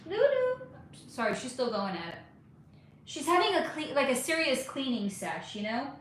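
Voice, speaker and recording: A woman's voice: high voice, big pitch swings, normal speed, fairly bright tone, slight background noise. A woman hosting a spiritual reading live stream. She answers chat questions in a casual, rambling way with many fillers. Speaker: spiritual reader and channel host. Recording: very echoey room.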